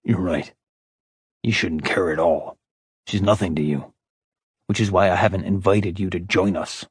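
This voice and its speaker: A man voicing a calm, stoic immortal man who speaks in a dry, flat tone. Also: sits low, normal speed, slightly rough, dry recording, voice pushed down.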